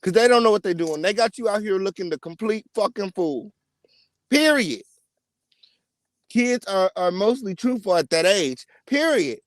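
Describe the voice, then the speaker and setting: Guy w a really high voice cussing nonstop, gossip rant, keeps saying okay and period. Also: moderate pace, no room sound, studio quality. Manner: profane, emphatic, repeats "okay?" and "period"; animated, sudden loud outbursts. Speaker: host of a celebrity gossip channel. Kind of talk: ranting celebrity gossip commentary.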